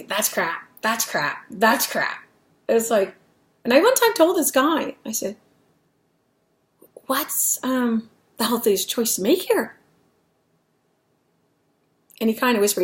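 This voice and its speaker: A middle-aged woman talking candidly in a casual vlog at home, rambling and restarting her sentences as she goes. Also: fairly high pitch. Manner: rambling, candid, self-interrupting. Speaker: vlogger.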